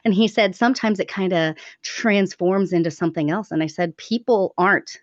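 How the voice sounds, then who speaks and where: A woman's voice: fairly low pitch, fairly quick, a little mellow, no room sound. A middle-aged woman, chatting on a podcast in an encouraging, emphatic way. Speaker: community co-founder. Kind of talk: casual podcast chat. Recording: dry, dull lo-fi audio.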